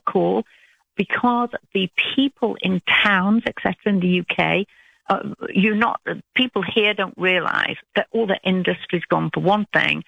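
A British woman calling in to a radio talk show, speaking in an earnest, alarmed and halting way. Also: medium pitch, creaky, breathy edge, dry recording. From Britain. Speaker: caller. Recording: dull phone-line sound.

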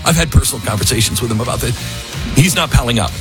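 A man hosting opinionated political talk radio, emphatic and animated, who mockingly acts out what others say. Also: mid-range voice, fast talker, over music.

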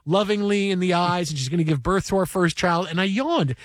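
A man hosting a sports radio show, who tells a story in an animated, rambling way and chats casually about baseball. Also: high-pitched, fairly quick, no room sound, studio quality.

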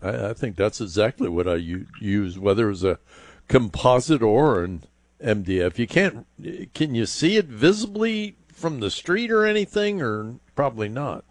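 A man's voice: mid-range voice, expressive, normal speed, dry recording. A man hosting a call-in home improvement show, thinking aloud with lots of fillers and restarts as he gives advice.

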